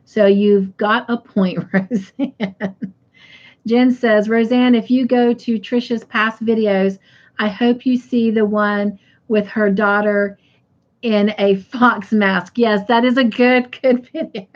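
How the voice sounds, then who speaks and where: A woman's voice: medium pitch, steady tone, takes it slowly, lo-fi sound. A middle-aged woman hosting a casual crafting live stream. She reads viewer comments aloud in a chatty way and laughs easily.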